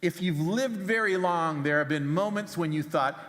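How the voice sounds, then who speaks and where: A man's voice: moderate pace, hardly any pauses, fairly bright tone. A man, a pastor, preaching a sermon and retelling a Bible story conversationally, often doubling words as he starts phrases. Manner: storytelling, acts out quotes with big pitch jumps. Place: church sanctuary. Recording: long church hall reverb.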